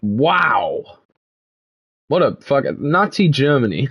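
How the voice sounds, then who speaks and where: A man's voice: mid-range voice, lively intonation, moderate pace. A man giving gaming commentary and reading in-game text aloud, swearing freely and laughing often. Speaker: gaming video creator.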